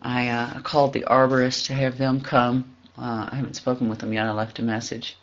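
A man speaks in an unhurried, reflective way about spiritual matters, often pausing and searching for his words, with a soft laugh here and there. His voice sits at an ordinary middle pitch. The recording sounds somewhat dull and lo-fi. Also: level tone. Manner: halting, searching, with soft laughs and frequent pauses.

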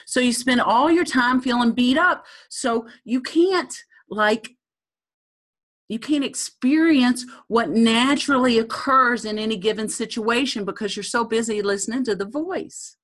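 A woman giving a thoughtful teaching talk, halting often with ums. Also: a little high, fairly bright tone.

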